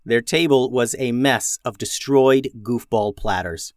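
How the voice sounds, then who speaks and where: A man hosting a children's podcast and narrating a story in a lively, expressive way. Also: medium pitch, unhurried, dry recording, studio quality.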